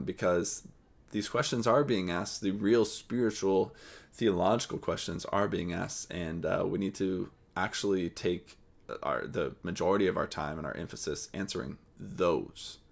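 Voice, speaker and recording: Host, male, low voice, earnest reflective commentary that thinks aloud between clips. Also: a little slow, creaky. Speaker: channel host. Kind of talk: commentary on a played panel.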